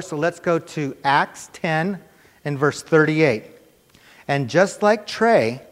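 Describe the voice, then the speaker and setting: A middle-aged man preaching a sermon in a conversational, animated way, telling a personal story and acting out the voices in it. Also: on the high side. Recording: reverberant church hall.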